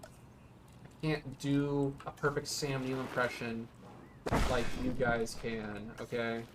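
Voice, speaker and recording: A man at a home setup gives casual gameplay commentary at a medium pitch, joking and rambling as he builds. He pokes fun at himself as he goes. A steady hiss of noise sits under his voice. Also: takes it slowly. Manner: joking, rambling and self-mocking. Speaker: let's play host.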